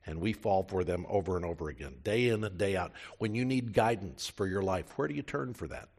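A man's voice: sits low, lively intonation, brisk, darkish tone. A man preaching a sermon as a pastor, speaking in a conversational way, addressing listeners directly with rhetorical questions.

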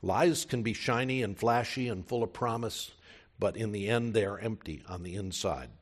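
A man's voice: lowish voice, normal speed. A man preaching a sermon as a pastor, speaking in a conversational way, addressing listeners directly with rhetorical questions.

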